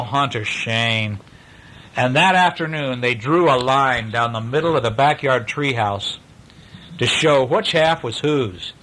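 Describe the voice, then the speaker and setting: A father reading a picture book aloud to his young children, playful and animated, stopping to ask them questions. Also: medium pitch, a little hiss or hum, rough recording.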